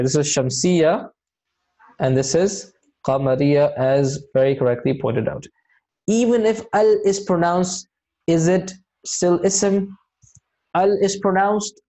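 A man's voice: a little high, warm tone. A man teaching an Arabic grammar class, explaining step by step with patient, encouraging check-ins.

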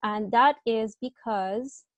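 A young woman works through a grammar lesson over a computer mic. Her voice sits a little high and sounds dry and close. She hesitates, restarts and apologizes as she explains. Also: slow pace, dry recording, dull audio. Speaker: teaching assistant. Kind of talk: online grammar tutorial.

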